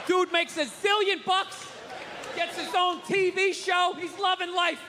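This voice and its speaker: A man's voice: very high-pitched, flat delivery, a little slow, raised voice. A man doing a profane, ranting stand-up comedy routine, mocking people with put-on voices. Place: comedy stage before a live audience. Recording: reverberant venue with crowd and noise.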